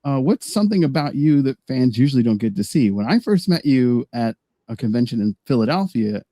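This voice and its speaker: A podcast host who asks questions in a casual chat, enthusiastic and quick to laugh. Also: mid-range voice, sing-song, warm tone, dry recording.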